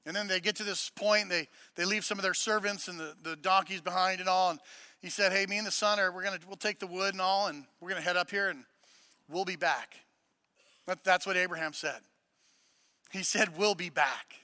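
High bright guy preaching, jokey asides then gets loud and emphatic, dry close sound. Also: fairly even intonation, fairly quick, dry recording. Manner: casual, joking asides between preaching. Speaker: pastor. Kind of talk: sermon.

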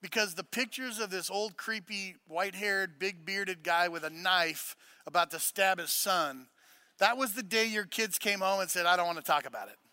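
A male pastor with a high, very bright and forceful voice. He preaches in a loose, joking way and then builds to loud, emphatic points. The sound is dry and close, with little room echo. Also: normal speed. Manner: casual, joking asides between preaching. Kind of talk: sermon.

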